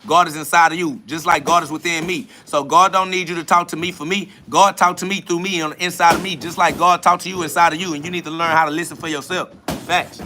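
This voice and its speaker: A man's voice: a little high, fairly even intonation, quick pace, noisy background. A man hosting a podcast livestream, answering chat comments in a blunt, profane, confrontational and preachy way, repeating his points for emphasis. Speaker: podcast host.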